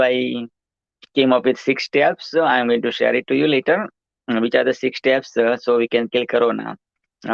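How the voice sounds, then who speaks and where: A man's voice: mid-range voice, gravelly, dry recording, dull audio. A man hosting his own show, giving a rambling motivational monologue, repetitive and preachy, full of "you know" and "right".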